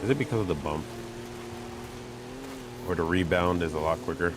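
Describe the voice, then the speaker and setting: A man giving chatty, self-mocking commentary while playing a racing game, getting excited when he pulls ahead. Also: sits low, moderate pace. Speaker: gamer commentating his play. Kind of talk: casual gameplay commentary. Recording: game engine noise behind voice. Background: racing game car sounds.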